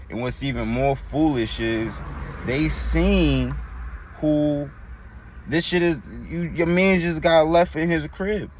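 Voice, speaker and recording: A man's voice: fairly high pitch, dull audio. A man hosting a reaction video, giving blunt, slang-heavy commentary. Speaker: reaction host. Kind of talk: casual commentary.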